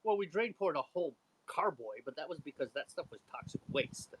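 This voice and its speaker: Woman, co-host, casual live-stream chat, teasing, laughing, very lively pitch. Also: fairly quick, husky. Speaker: homebrew show co-host.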